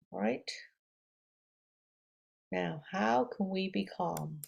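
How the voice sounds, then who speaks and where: Slow gravelly-voiced woman yoga teacher. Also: mid-range voice. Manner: gentle, slow, encouraging, with audible breaths. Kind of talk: guided affirmations and meditation.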